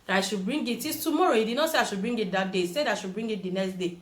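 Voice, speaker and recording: A woman's voice: medium pitch, racing. A young Nigerian woman with a Nigerian accent, telling a personal story in a vlog and acting out the people she quotes. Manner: animated, acts out quoted voices. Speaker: vlogger.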